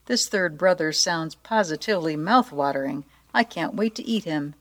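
A woman's voice: low-pitched, moderate pace. A woman voicing a boastful, greedy, silly male troll in a storybook reading, with gleeful, theatrical boasting. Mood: eager. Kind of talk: storybook read-aloud.

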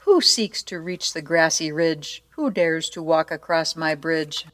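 A woman's voice: low voice, unhurried. A woman voicing a greedy, boastful male troll who lives under a bridge, with a gleeful, rhyming way of talking.

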